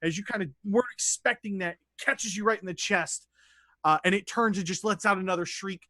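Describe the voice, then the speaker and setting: A man runs a tabletop game as its dungeon master, his voice pitched high. The sound is dry and close, like a streamer's desk mic. He narrates combat with lively, descriptive flair and quick asides. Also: no room sound.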